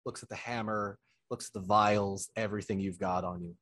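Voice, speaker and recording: A man narrating a tabletop game as game master, describing scenes in a measured way. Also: on the low side, steady tone.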